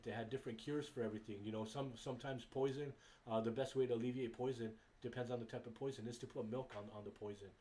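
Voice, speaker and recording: A man's voice: medium pitch, warm tone. A man preaching a sermon at a religious gathering, impassioned and emphatic, repeating his key phrases and sometimes stammering.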